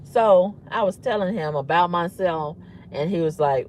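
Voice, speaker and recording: A woman with a husky voice, telling a story to camera in a blunt, emphatic, often repetitive way. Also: on the low side, a little slow, a little mellow, slight background noise. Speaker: vlogger. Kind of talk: candid storytelling rant.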